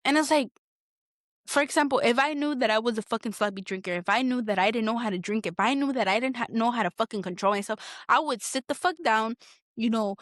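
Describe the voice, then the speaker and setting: A woman's voice: fairly high pitch, dry recording, clean studio sound. Blunt, foul-mouthed woman venting. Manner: blunt, heavily profane venting; emotional, repeats herself while searching for words. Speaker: podcast host. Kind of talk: candid solo podcast monologue.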